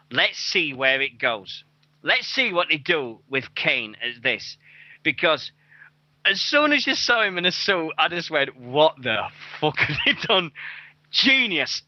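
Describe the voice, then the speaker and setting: Excitable British man, high bright voice. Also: dry recording. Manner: excitable, laughs a lot, swears freely. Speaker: wrestling radio co-host. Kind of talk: casual podcast chat. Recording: dull lo-fi podcast audio.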